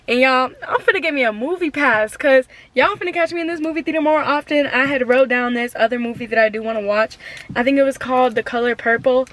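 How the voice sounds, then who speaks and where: A woman's voice: high-pitched, quick pace, a bit bright. A young woman vlogger chatting casually to her camera, gushing and full of slang.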